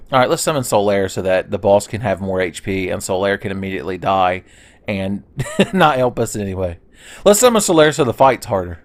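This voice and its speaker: A man talking over a video game in a relaxed, rambling way, full of jokes and swearing. His voice sits on the low side. He drifts off topic in chatty asides. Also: a little fast, no echo. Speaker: let's play host. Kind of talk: casual gameplay commentary.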